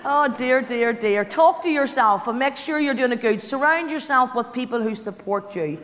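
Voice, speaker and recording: A woman's voice: fairly high pitch, lively intonation, moderate pace, fairly bright tone, a little hiss or hum. Woman, guest speaker at a business event, chatty, repeats lines, big hall echo. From Ireland. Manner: chatty, direct, repeats key lines for emphasis. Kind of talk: motivational speech to an audience. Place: large hall. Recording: hall reverb, stage speech.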